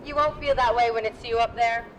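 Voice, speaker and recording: A wry, steady chorus girl from the 1920s teases and soothes her friends in a fairly high voice, as a woman plays her live. Faint street noise hangs behind her outdoors. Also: a little fast, close to an everyday voice. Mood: soothing.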